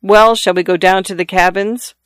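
Storyteller doing a grumbling old father, dry, mocking, smooth clear voice, dry close sound. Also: medium pitch, fairly even intonation, normal speed, a bit bright, dry recording, natural voice.

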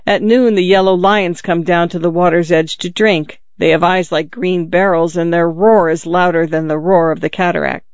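A man's voice: high voice, steady tone, moderate pace, few pauses, smooth, no echo, close to an everyday voice. A man voicing a kind-hearted, homesick little male swallow who speaks wistfully and earnestly in a storybook reading. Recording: dull lo-fi, dry.

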